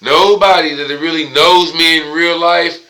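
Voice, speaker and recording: Bright-voiced man rambling in street talk. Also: a little high, steady tone, a little slow, low-quality recording. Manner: loose, profane street talk, rambling with tangents. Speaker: podcast host. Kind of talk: casual solo monologue.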